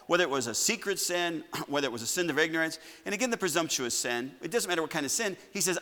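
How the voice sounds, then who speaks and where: Man, preacher, sermon, loud declarations and quiet asides, bright tone, long church reverb. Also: on the high side, expressive, fast, few pauses. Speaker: pastor. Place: church sanctuary.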